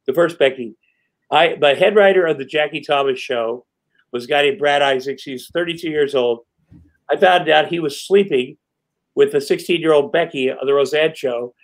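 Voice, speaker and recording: The man's voice is a little high and keeps a normal speed. A middle-aged podcast guest, he tells stories in a casual interview, rambling and profane, animatedly quoting what others said.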